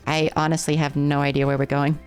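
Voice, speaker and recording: A woman's voice: low-pitched, level tone, a little fast, soft background music. A woman streaming a game live, chatting playfully with her viewers as she plays. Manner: playful, rambling, chats with viewers.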